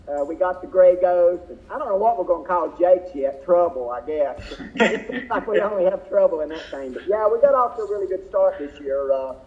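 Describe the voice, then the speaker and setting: A man's voice: sits high, expressive. A man, a drag racer, telling racing stories in a folksy, rambling way as an interview guest. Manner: folksy, drawn-out storytelling with fillers. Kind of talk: casual storytelling interview. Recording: tinny phone-like line.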